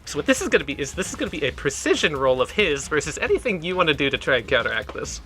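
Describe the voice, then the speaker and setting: A man running a tabletop role-playing game as game master, narrating scenes and explaining rules in an animated way. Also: on the high side, rapid-fire, soft background music. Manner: animated, laughs between lines.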